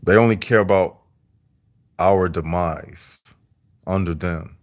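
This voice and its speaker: A man delivering a deliberate, repetitive, preachy monologue to his viewers on a livestream. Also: deep voice. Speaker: vlogger.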